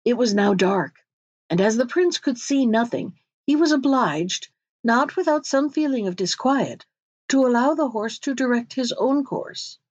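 A woman narrates a fairy tale in a measured, expressive reading. Her voice sits a little high. The recording is dry and somewhat lo-fi. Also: no room sound. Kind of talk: storybook reading.

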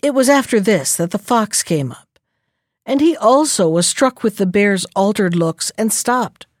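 A woman narrating an animal folktale in an expressive, measured storybook style. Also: medium pitch, no echo, studio quality.

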